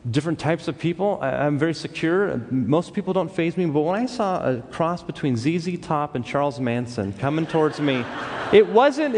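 A man from Los Angeles preaches by telling a story, acting out the voices of the people in it. His voice sits a little high for a man. It rings out with a long reverb, as in a large hall. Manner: animated storyteller who acts out quoted voices. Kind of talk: sermon storytelling.

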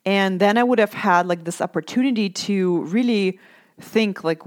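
A woman in her thirties talking in a casual self-help monologue, emphatic and animated, with many "like"s and "right?"s. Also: medium pitch, normal speed.

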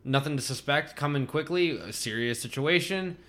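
A man co-hosting a podcast, giving quick, joking commentary on a movie. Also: on the high side, a bit bright. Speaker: podcast co-host. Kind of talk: casual movie discussion.

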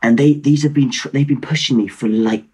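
A British man in his twenties, appearing as a guest on a video call, tells a rambling story at his own expense, full of fillers and restarts. His mid-range voice is warm and husky, and he talks fairly quickly.

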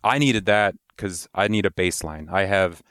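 A man's voice: sits low, normal speed, a bit bright, no echo, studio quality. A man from Wisconsin, a guest in a casual interview, talking at length and laughing along.

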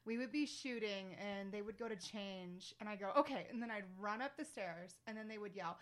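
A woman's voice: medium pitch, fairly quick. Wry, emphatic woman. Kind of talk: casual podcast chat.

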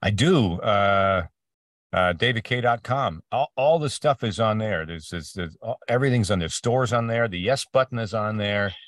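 Animated storytelling man, a bit off-mic. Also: on the low side, moderate pace, dry recording, studio quality, far from the mic. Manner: storytelling, many restarts, acts out quoted voices. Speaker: voice actor guest. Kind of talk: casual interview conversation.

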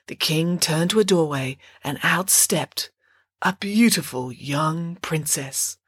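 A woman narrating a children's story in a playful, expressive way. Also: deep voice, slow pace, breathy edge, no echo, clean studio sound.

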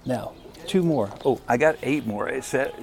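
A man's voice: mid-range voice, moderate pace, darkish tone. A man preaching a sermon in a folksy, emphatic way, often putting questions to the congregation.

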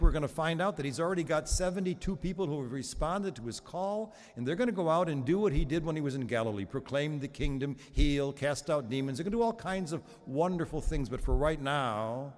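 A man's voice: on the high side, brisk, hardly any pauses, big-room sound. A Catholic priest in his seventies giving a sermon in a conversational, humorous storytelling manner, with frequent restarts.

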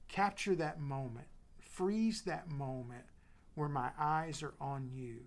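A middle-aged man preaching a sermon as pastor, dropping to soft whispers and building with emphatic repetition. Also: mid-range voice, takes it slowly.

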